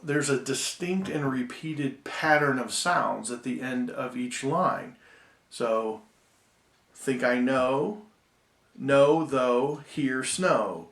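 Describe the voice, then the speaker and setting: Man, lecture, gravelly voice, roomy echo, hesitant fillers, slow poem readings. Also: medium pitch. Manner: measured teaching with frequent ums and restarts, reads poems aloud slowly. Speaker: Bible institute lecturer. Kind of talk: recorded lecture.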